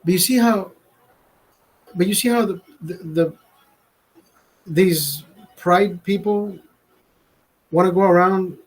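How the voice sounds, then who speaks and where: Male streamer, voice a bit high, loose profane rambling, stammers and restarts, casual chat to viewers. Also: slow, long pauses, husky, poor audio. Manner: laughs at own jokes. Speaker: livestream host.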